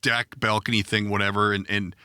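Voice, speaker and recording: A man's voice: on the low side, little pitch movement, brisk, sharp tone, clean tone, no echo, clean studio sound. A middle-aged man hosting a podcast, telling a long, rambling, profane story in a self-deprecating way. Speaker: podcast host. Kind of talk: casual storytelling chat.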